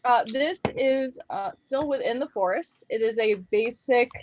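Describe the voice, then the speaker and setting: A woman's voice: a little high, unhurried, lo-fi sound. A woman running a tabletop game, chatting with laughter and enthusiasm between bits of scene narration. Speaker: game master. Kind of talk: casual chat and game narration.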